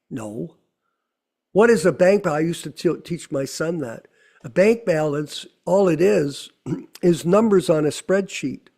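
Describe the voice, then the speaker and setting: A man's voice: a little high, a little mellow. A middle-aged man giving a conversational sermon, full of rhetorical questions. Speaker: temple speaker.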